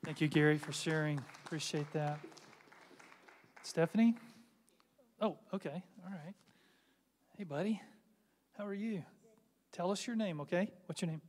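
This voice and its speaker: A man's voice: a little high, a little slow, long pauses, a little hiss or hum. A man leading a church sharing time, speaking in short, friendly, encouraging remarks. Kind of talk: casual, encouraging hosting in a church service. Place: church sanctuary. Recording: long church reverb.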